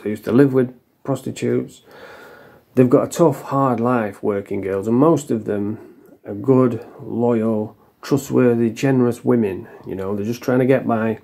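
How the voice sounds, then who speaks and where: A man's voice: medium pitch, warm tone, breathy edge. A man telling a personal story to camera in a blunt, sweary, frank way. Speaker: vlogger. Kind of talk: casual storytelling monologue.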